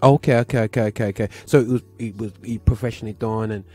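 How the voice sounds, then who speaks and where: Hosting a gospel programme, a man from Birmingham, England rambles informally with plenty of slang and fillers. He speaks very fast in a fairly low, steady, somewhat dark voice.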